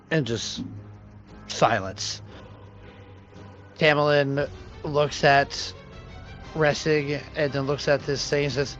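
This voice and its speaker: A man's voice: mid-range voice, fairly even intonation, measured pace, pauses often, fairly bright tone, faint music behind. Man, game master, tabletop narration, rambling with restarts, dull lo-fi audio. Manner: rambling, many fillers and restarts.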